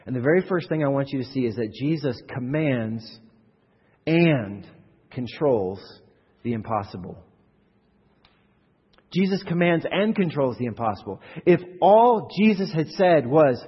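A man preaching a sermon as pastor, animated and acting out quoted voices, with frequent repeated words. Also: mid-range voice, a little slow, breathy edge. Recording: muffled hall recording from a distance.

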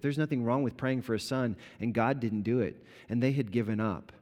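A man preaching a sermon as a pastor, explaining scripture conversationally and bringing the story to life with lively retellings. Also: medium pitch, moderate pace, hardly any pauses. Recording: long reverb of a large hall.

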